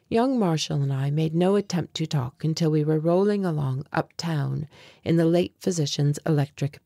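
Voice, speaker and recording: Husky low woman, measured audiobook narrator, dry studio sound. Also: warm tone, no echo. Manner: measured, reflective storytelling. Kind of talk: scripted first-person narration.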